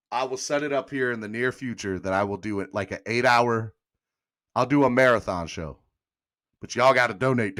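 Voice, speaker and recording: A man hosting a live sports podcast stream, chatting casually, shouting out donors and hyping up his chat, with a Southern US accent from Miami. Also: mid-range voice. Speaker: podcast host.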